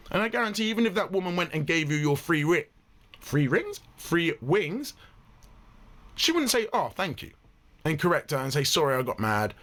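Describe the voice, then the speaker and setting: Blunt, animated man reacting to clips. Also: a little high. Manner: blunt, animated, swears freely. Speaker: reaction video host. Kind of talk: casual commentary.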